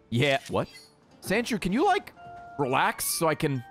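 A man streaming a game, excitable and swearing freely as he yells at the creatures on screen. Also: fairly high pitch, measured pace, faint music behind. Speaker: gaming streamer. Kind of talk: casual let's-play commentary.

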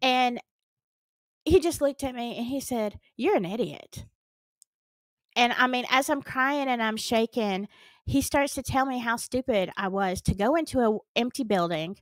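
A woman's voice: on the high side, moderate pace, no room sound. A middle-aged woman with a Southern US accent, earnestly and dramatically retelling a personal story on her vlog. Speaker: storytime vlogger.

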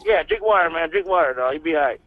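A man's voice: fairly high pitch, lively intonation, quick pace, dry recording. A Mexican-American man taking a prank call, teasing back in a laid-back way and dropping in Spanish slang. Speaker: call recipient. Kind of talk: phone call banter. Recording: dull phone line.

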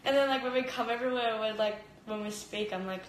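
Talking fast with few pauses, a young Australian fighter streams a casual chat from her kitchen on her phone camera. Her voice is on the high side, and she's rambling, giggly and full of "like," with roomy echo and slight background noise.

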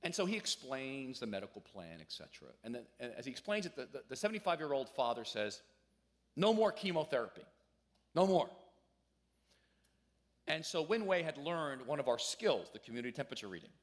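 A male pastor preaching a sermon in a church, telling a story in a conversational way and rising to loud emphasis at key points. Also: mid-range voice, very animated, fast talker, few pauses.

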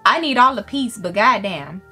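Woman yelling and cussing at a game, jumpy and loud, middle pitch, faint game music behind. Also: normal speed, slightly rough. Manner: loud, profane and excitable, shrieking when startled. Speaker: gaming streamer. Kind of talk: let's play commentary.

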